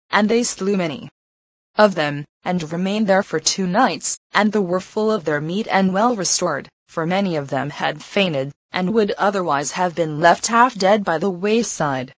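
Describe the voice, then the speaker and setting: Low-voiced woman reading solemnly. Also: no echo, rough recording. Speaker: reader. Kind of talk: scripted narration of a religious text.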